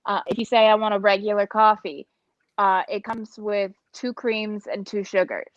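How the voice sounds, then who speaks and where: A woman's voice: mid-range voice, flat delivery, moderate pace, no room sound, lo-fi sound. A woman in casual chat, telling stories and swearing freely.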